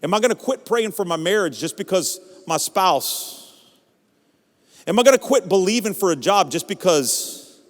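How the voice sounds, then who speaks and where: A male pastor preaching a sermon in a church, impassioned and building up to shouts. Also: high voice, lively intonation, moderate pace, big-room sound. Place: church sanctuary.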